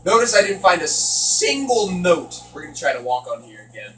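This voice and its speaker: A man's voice: high voice, very animated, normal speed, a bit bright, far from the mic, slight background noise. A man giving nervous, joking commentary while he plays a horror game. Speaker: gaming channel host. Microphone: distant from the mic. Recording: echoey room, voice off the mic.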